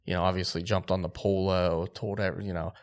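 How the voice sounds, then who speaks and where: A man telling a hunting story on a podcast, animated and acting out quotes. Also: low voice, fast. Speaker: podcast host.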